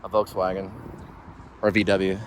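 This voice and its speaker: Low-voiced man musing in a car. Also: monotone, normal speed, noisy background. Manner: rambling, musing aloud, trailing off. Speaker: vlog host. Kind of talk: casual chat.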